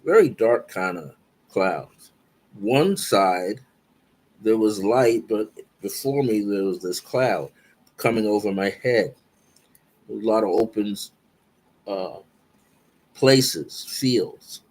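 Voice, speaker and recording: A man speaking as a guest, calmly and earnestly recounting a spiritual dream. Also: on the low side. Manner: slow, reflective, earnest. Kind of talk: spiritual storytelling.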